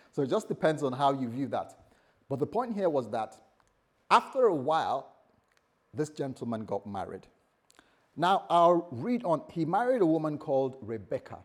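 A man's voice: mid-range voice, darkish tone. A man preaching a sermon as a pastor, conversational and jokey, often laughing at himself.

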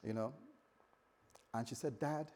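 A British man preaches a sermon in a husky, mid-pitched voice. He talks to the congregation conversationally and with humor, dropping to near-hushed lines and then rising loud. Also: lively intonation, measured pace. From Britain. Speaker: pastor. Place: church.

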